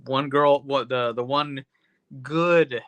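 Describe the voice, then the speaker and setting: A man's voice: medium pitch, fairly even intonation, slow pace, a bit bright, clean tone, dry recording, lo-fi sound. A man hosting a podcast, recapping a movie in a rambling, profane, casual way full of "you know". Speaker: podcast host.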